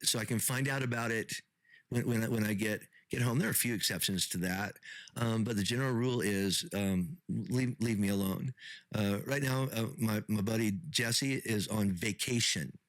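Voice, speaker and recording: A man's voice: fairly low pitch, normal speed, no room sound, rough recording. A middle-aged man hosting a podcast as a pastor, talking casually with frequent restarts and repeated words.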